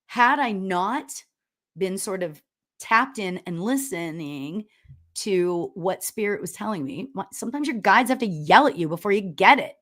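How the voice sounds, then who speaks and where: Woman, middle-aged, spiritual medium, casual livestream chat, loud storyteller, laughs often. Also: medium pitch, measured pace. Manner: loud, animated storyteller with frequent laughs and "you know?". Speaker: spiritual medium hosting a live stream. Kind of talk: casual livestream chat reading viewer comments.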